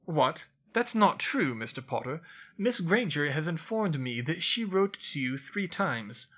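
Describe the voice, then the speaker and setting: A firm, dignified older woman professor speaks formally and commandingly, put on by a man narrating. The voice sits a little high and sounds sharp. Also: sing-song, measured pace, full character voice. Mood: stern.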